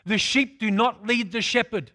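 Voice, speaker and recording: A man's voice: sits high, moderate pace, sharp tone, no echo, studio quality. A man preaching a sermon, repeating phrases for emphasis and calling out to his congregation.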